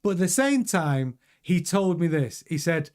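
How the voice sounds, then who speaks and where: A man's voice: fairly high pitch, sing-song, a little slow, darkish tone. A man hosting a casual news commentary show, chatty and rambling with many restarts and fillers.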